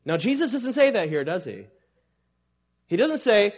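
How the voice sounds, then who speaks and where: A man's voice: sits high, sing-song, normal speed. A male pastor preaching a sermon in an emphatic, conversational way that leans on rhetorical questions, in a slightly dull recording.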